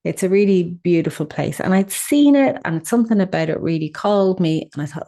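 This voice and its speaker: A middle-aged woman hosting a podcast, telling a personal story in an expressive, animated way. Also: on the low side, brisk. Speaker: podcast host.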